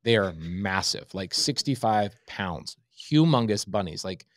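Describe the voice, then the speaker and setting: A man in his thirties telling an animated story in a podcast interview, acting out the dialogue as he goes. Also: on the low side, a little slow, no echo, studio quality. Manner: lively anecdotal, acts out quoted dialogue. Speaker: real estate investor guest.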